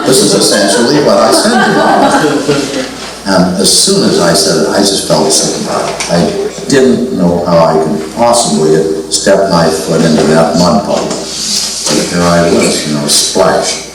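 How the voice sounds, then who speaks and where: Older man with a deep voice in a very echoey room. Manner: reflective, repeats himself, acts out quoted dialogue. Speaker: seminar speaker. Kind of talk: storytelling seminar talk. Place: meeting room at a spiritual center. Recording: very echoey room, mic far off, faint hiss.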